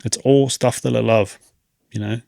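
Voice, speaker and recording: Gravelly man in his late thirties. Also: medium pitch, steady tone, moderate pace, mellow, no echo, clean studio sound. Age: 30s. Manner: rambling, reflective, chuckles often. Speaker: podcast host. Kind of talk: casual podcast monologue.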